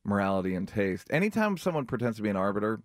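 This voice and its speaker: A man's voice: on the low side, rapid-fire, dry recording, studio quality. A man guest on a radio talk show, telling stories with lots of fillers and acting out quotes. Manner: animated storyteller, fillers, acts out quotes. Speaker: comedian guest. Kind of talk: casual radio chat.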